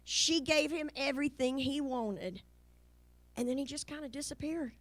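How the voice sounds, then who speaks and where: This lively stand-up bit comes from a middle-aged Southern woman whose accent shows as she mimics the voices of people she quotes. Her voice sits high, her pace is moderate, and the sound is dry.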